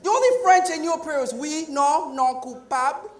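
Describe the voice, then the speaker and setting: Loud high-voiced stand-up comic. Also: male voice, normal speed. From Montreal. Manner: loud, punchy, switches between shouting and muttering. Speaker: stand-up comedian. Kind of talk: stand-up routine. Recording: echoey hall.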